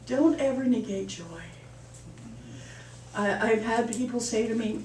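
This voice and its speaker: A woman's voice: on the high side, unhurried, long pauses, darkish tone, a little hiss or hum. A woman minister giving a sermon in a chatty, storytelling way. She laughs at her own jokes. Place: church hall. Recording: echoey hall, mic far off.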